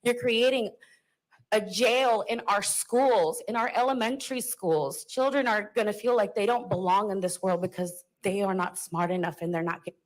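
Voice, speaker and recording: A woman's voice: mid-range voice, moderate pace, rough recording. A woman parent giving an urgent, indignant public comment at a school board meeting, with some fillers and restarts.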